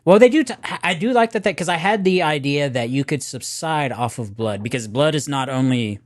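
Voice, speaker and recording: A man's voice: a little high, animated, brisk, no echo. A man co-hosting a podcast, chatting casually about a movie and laughing along. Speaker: podcast co-host. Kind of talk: casual movie review chat.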